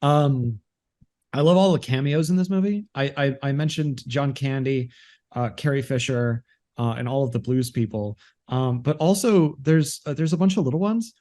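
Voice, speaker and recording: A young man co-hosting a podcast in easy casual chat. He stops and restarts often, filling gaps with ums, in a voice of ordinary pitch. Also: mellow. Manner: halting, many fillers and repeated words. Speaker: podcast co-host.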